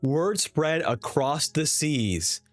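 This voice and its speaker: A young man reads a comic aloud and reacts with excitable energy. His slightly high voice swings up and down in a lively way. Faint music plays underneath. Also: very slow, no room sound. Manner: excitable, animated.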